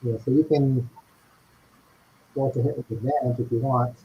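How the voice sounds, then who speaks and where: A man running an online tabletop game as game master, talking in a relaxed, halting way with many fillers. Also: medium pitch, dull audio, slight background noise.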